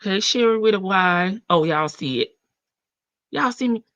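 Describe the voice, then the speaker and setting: Woman streamer, lively pitch, unhurried, bright lo-fi audio. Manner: chatty, laughing, talks to her chat. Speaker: livestream host. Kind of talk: casual live-stream chat.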